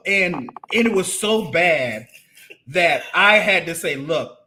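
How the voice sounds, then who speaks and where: A man co-hosting a marriage podcast, talking in an animated, casual way and often repeating and restarting his phrases. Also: high-pitched, slow pace, slight background noise. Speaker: podcast co-host. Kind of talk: casual conversation about marriage.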